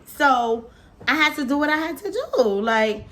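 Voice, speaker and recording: A young adult woman vlogger telling a story in a casual, animated, slangy way, full of "like" and "y'all". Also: high voice, measured pace.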